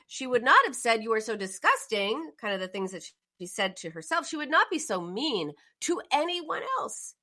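Woman, motivational coach, emphatic, animated pitch, crisp bright tone. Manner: earnest, emphatic, acts out quoted self-talk. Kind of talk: motivational talk.

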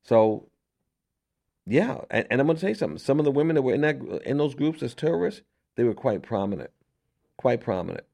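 Low, mellow-voiced male radio host. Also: vocal fry. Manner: emphatic, addresses listeners directly with rhetorical questions; repeats words and restarts often. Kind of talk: conversational history lecture on air.

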